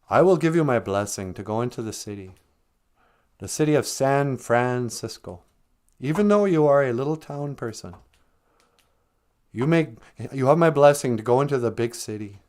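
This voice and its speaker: A man's voice: medium pitch, a little mellow, natural voice. A man voicing a very old, traditional grandfather who lectures in a stern way.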